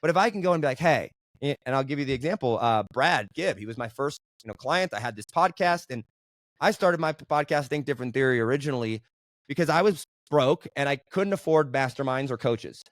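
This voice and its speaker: A man telling stories as a guest in a casual interview, animated and constantly checking in with "right?". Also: mid-range voice, a little fast, no room sound. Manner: animated, keeps asking "right?". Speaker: podcast guest, entrepreneur.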